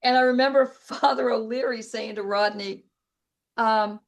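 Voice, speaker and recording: A woman's voice: a little high, normal speed. Wisecracking middle-aged woman storyteller. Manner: lively, wisecracking storyteller who laughs easily. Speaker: comedian guest. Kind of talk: casual storytelling interview.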